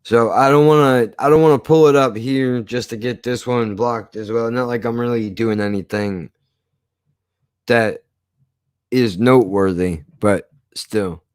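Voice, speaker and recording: A man's voice: medium pitch, fairly even intonation, a little slow, clear, resonant tone, dry recording. A man streaming live, ranting casually in a rambling, profane way with frequent restarts.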